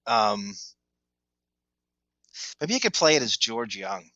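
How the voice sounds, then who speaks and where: A man co-hosts a podcast in casual conversation, with a bright, cutting voice. He states blunt opinions and restarts his sentences. The sound is close and dry, with muffled lo-fi quality. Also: fairly low pitch, very animated, takes it slowly, no echo. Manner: blunt, opinionated, repeats words when starting sentences. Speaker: podcast co-host. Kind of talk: casual chat.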